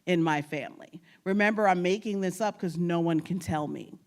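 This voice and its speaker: A woman's voice: lowish voice, moderate pace, darkish tone. A woman from New York giving a humorous talk on genealogy research, telling stories, laughing often and talking straight to the audience. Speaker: guest speaker on genealogy.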